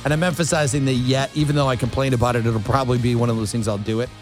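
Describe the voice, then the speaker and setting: A man's voice: medium pitch, fairly even intonation, racing, faint music behind. A man hosting a morning talk radio show, chatting in a rambling, playful and self-mocking way into a studio mic. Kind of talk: casual morning radio chat.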